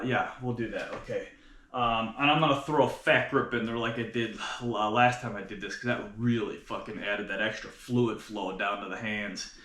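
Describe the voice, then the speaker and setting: A man's voice: lowish voice, fairly bright tone. A man talking casually to himself during a home workout, rambling and swearing as he sets up. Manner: rambling, profane, mutters to himself. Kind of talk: casual self-talk while exercising. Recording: echoey room with faint noise.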